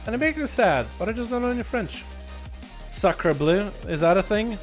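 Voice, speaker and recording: A man's voice: high-pitched, moderate pace, soft background music. An American man hosting a live game stream, calling duels and chatting jokily with viewers. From United States. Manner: energetic, chatty, jokey with viewers. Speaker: streamer and duel host. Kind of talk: live game commentary and chat.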